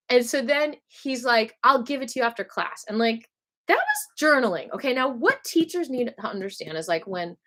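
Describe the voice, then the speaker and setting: A woman singer telling rambling school stories on a casual live stream, animated and full of asides. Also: a little high. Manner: dramatic bursts when quoting herself.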